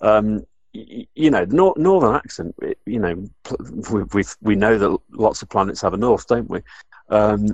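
A man's voice: lowish voice, animated, moderate pace, darkish tone, no room sound. A man from northern England co-hosting a casual discussion, rambling with many restarts and fillers. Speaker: podcast co-host.

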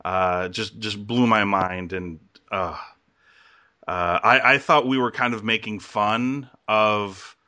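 Bright-voiced man rambling with laughs. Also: on the low side, steady tone, slow. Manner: rambling, laughs often, many restarts. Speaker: podcast host. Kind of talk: casual chat.

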